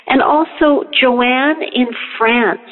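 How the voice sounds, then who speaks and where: A woman from Canada leaving a phoned-in message, gently and caringly asking after others. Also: high voice, slow. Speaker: caller. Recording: tinny phone line with long reverb.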